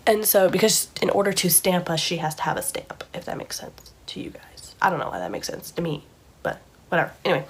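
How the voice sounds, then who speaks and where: A young woman tells a dream story to her camera indoors, rambling with plenty of fillers. Her voice sits on the low side and has a husky, breathy grain. She often drops into whispers. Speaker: vlogger. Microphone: camera framed from the chest up.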